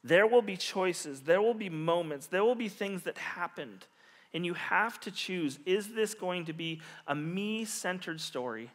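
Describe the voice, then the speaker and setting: A middle-aged man preaching a sermon, telling a story earnestly with quiet pauses and soft, lowered endings. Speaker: pastor. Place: church hall. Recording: long reverb of a large hall.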